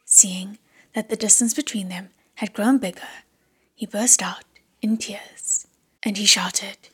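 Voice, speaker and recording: A woman reading an audiobook in a hushed, measured whisper. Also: medium pitch, steady tone, slightly rough. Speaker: audiobook narrator.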